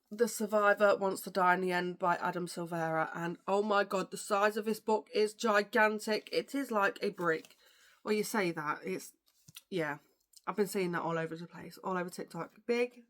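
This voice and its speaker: Speaking at a moderate pace in a fairly bright, medium-pitched voice, a young woman talks about books as a vlogger. She gushes and fills her chat with fillers, sounding tired with occasional yawns.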